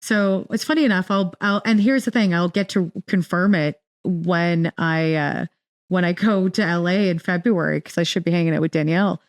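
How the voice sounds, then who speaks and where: Chatty woman guest, lowish voice. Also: moderate pace, dry recording. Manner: rambling, many restarts and fillers, animated retelling. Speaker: podcast guest. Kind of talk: casual interview storytelling.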